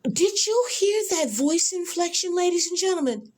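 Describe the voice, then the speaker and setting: A woman's voice: very high-pitched, expressive, moderate pace, darkish tone. A woman hosting a podcast, giving rambling reaction commentary, exclamatory and profane, repeating herself. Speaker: podcast host reacting to a video.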